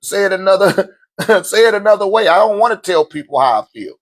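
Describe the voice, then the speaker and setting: A man's voice: sits high, lively intonation, brisk. A man giving a blunt, profane, unscripted talk, addressing listeners directly with slang and laughing between points. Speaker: host of a spiritual talk channel. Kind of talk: unscripted preaching monologue.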